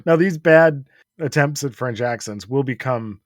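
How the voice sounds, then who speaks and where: A man in his forties co-hosting a podcast, easygoing and quick to laugh. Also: medium pitch, no echo, studio quality. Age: 40s. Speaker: podcast co-host. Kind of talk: casual comedic chat.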